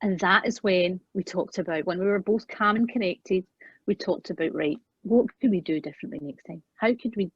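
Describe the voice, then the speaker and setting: A woman guest in an interview, earnestly telling a personal parenting story and acting out the quoted lines, often trailing off softly. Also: on the low side, normal speed, breathy edge, no room sound. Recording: dull, dry, lo-fi sound.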